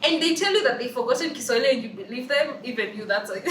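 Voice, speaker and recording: A woman's voice: fairly high pitch, animated, fast, hardly any pauses, a bit bright, slight background noise. A young woman with a Kenyan accent, giving opinions in a casual vlog and hammering her points home by repeating them. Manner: emphatic, repeats phrases for emphasis. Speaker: vlogger. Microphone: camera's built-in mic, no external mic. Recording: roomy and distant from the mic.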